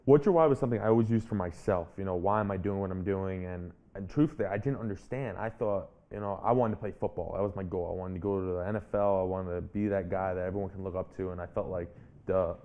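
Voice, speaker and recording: Low, gravelly, earnest young man. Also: steady tone, fast talker, dull audio. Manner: earnest and reflective, restarts phrases often. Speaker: guest, public speaker and author. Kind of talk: personal storytelling in an interview.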